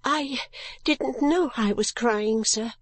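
Frightened young girl, faltering and hushed, pitched up, as a woman narrator puts her on. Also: extremely slow, dry recording. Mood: timid.

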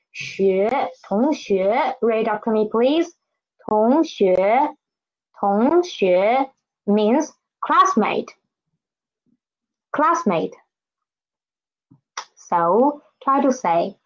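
A woman teaching a beginners' Mandarin lesson in a slightly raised voice. She drills words with great patience and very slow pacing, repeating each one for learners to echo. The recording sounds somewhat dull and lo-fi. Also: high voice, darkish tone. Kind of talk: online language lesson.

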